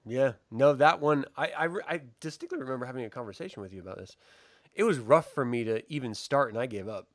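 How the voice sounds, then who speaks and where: A man's voice: medium pitch, expressive, fast talker, no echo, studio quality. A man co-hosting a podcast, laid-back and joking, laughing often. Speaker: podcast co-host. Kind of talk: casual chat.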